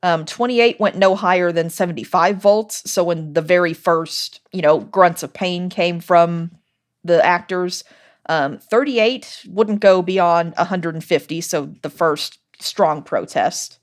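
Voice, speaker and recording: A woman's voice: lowish voice, unhurried. A woman hosting a podcast, explaining things in casual chat and laughing often. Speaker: podcast host.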